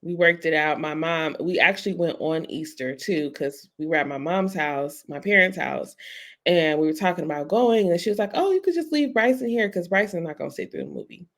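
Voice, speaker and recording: A woman, co-hosting a podcast in a lively, laugh-filled storytelling way. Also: deep voice, brisk. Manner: animated storytelling, laughs often. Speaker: podcast co-host. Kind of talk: casual chat.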